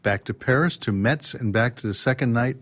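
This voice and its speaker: Male guest, mid-range voice, animated storyteller, acts out quotes, frequent restarts. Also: medium pitch, a little fast. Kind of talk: storytelling in a podcast interview. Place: drum showroom.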